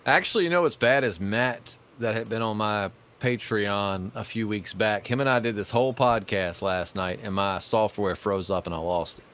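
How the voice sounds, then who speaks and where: A man's voice: fairly low pitch, moderate pace, few pauses, a bit bright, slight background noise. A man in his thirties, a podcast host, telling a rambling story in casual chat and laughing between the lines. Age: 30s. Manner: laughing storyteller, puts on voices for friends.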